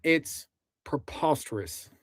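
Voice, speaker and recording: A man putting on an exaggerated Southern twang in a slow, mock-indignant drawl while livestreaming. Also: a little high, expressive, no echo, studio quality. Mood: mock outrage. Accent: Southern US, put on.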